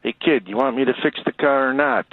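A man voicing a blunt, unhurried old mechanic in a story he tells over a phone line, terse and matter-of-fact. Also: medium pitch, fairly even intonation, no room sound, voice pushed up, close to an everyday voice. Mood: gruff. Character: gruff old male neighborhood mechanic at a bar.

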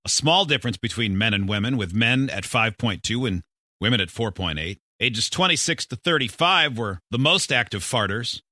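A man's voice: medium pitch, bright, forceful tone, dry recording. A man hosting a casual studio chat, asking the group questions and reading out figures. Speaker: radio show host. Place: radio studio.

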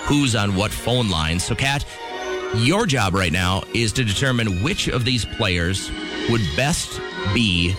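A man's voice: lowish voice, lively intonation, slow pace, over music. Upbeat man hosting a radio game. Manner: upbeat, joking, laughs easily. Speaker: radio morning show host.

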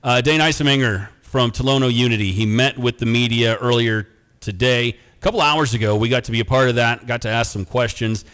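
A man's voice: medium pitch, steady tone, brisk, a bit bright, smooth, big-room sound. A man hosting a sports radio show in a studio, chatting casually, joking and reading listener texts aloud.

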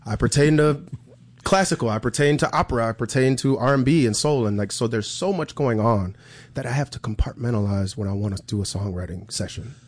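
A man's voice: medium pitch, fairly quick. A man being interviewed as a musician, talking in a loose, casual way with many fillers and restarts. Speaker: musician guest.

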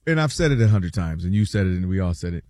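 A man co-hosting a sports talk show, bantering in an animated, playful storytelling way. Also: low-pitched, quick pace, dry recording, studio quality.

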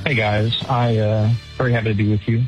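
A man calling into a radio show, sounding nervous and hesitant, with many pauses and fillers. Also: on the low side, little pitch movement, over music. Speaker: caller. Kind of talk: phone-in conversation. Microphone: telephone. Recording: dry tinny phone line.

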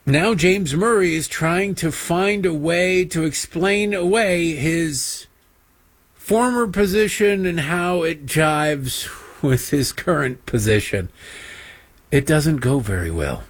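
A man's voice: on the high side, slow pace, slightly rough, no echo. A man hosting a political talk show. He delivers a sarcastic, mocking monologue and keeps slipping into impressions.

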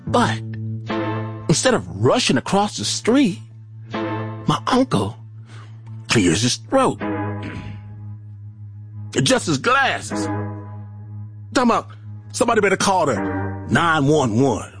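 Animated slow-paced male storyteller. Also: high-pitched. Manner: animated, acts out voices and shouts. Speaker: podcast host and storyteller. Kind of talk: dramatic storytelling. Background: music.

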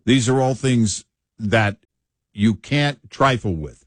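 A man's voice: medium pitch, slow pace. A man co-hosting a talk show, arguing with force and stacking one point on the next. His voice is in a middle register. It is recorded dry and close, with no room echo. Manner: forceful, builds points in lists. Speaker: co-host of political talk show. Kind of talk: conversational political commentary.

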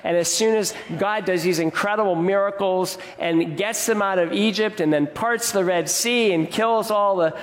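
A male pastor preaches in a relaxed, conversational way, with a voice pitched a little high. His words ring out with a long reverb from the hall around him. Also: moderate pace, few pauses. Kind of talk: sermon.

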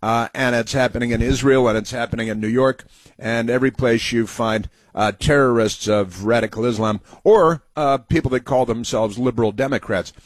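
A man's voice: medium pitch, steady tone, moderate pace, no room sound. A man hosting a political talk show, rambling and sarcastic, with many fillers and asides. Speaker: radio talk host.

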